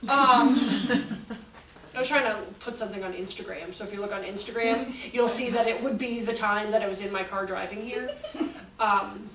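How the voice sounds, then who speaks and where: A woman's voice: a little high, fairly bright tone. A woman giving a workshop talk, telling stories in a chatty way, laughing often and acting out voices. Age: adult. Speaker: workshop presenter. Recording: roomy echo, from a distance, faint room noise.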